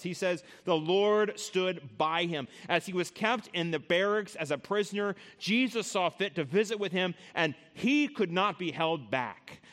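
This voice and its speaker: A man with a somewhat high voice preaching a sermon. He talks in an easy, conversational way and often turns straight to his listeners. He is earnest, and his voice drops soft and low when he offers comfort. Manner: conversational, addresses listeners directly. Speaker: pastor.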